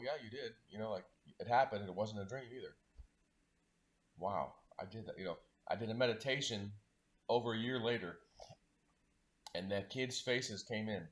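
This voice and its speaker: A man with a somewhat low voice tells a personal story in a relaxed monologue. His talk rambles, with fillers like "like" and "you know" in nearly every breath. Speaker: spiritual vlogger.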